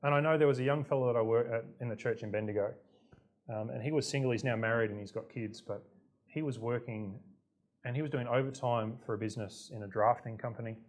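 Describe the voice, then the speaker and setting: A man's voice: mid-range voice, fast talker. Man giving a conversational sermon. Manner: conversational, self-deprecating, tells stories with quoted voices. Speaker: pastor.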